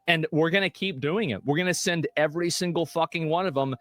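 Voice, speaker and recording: A man's voice: on the high side, fairly quick, fairly bright tone. A man on a stream, ranting bluntly with profanity and stammering repeats. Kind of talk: casual streaming rant.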